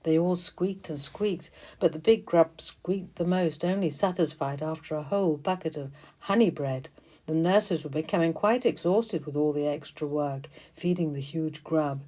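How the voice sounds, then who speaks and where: A woman, the author, narrating a children's storybook in a gentle, expressive way. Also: sits low, moderate pace.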